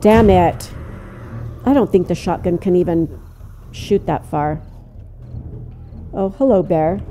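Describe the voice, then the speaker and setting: An older woman giving let's play commentary, jumpy, cursing and talking to the game out loud. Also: fairly low pitch, slow, faint music behind. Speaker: gamer.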